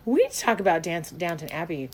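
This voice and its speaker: A woman's voice: fairly low pitch, expressive, quick pace, darkish tone, slightly rough. A young woman co-hosting a podcast in casual chat, rambling with many fillers and restarts and laughing often. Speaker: podcast co-host.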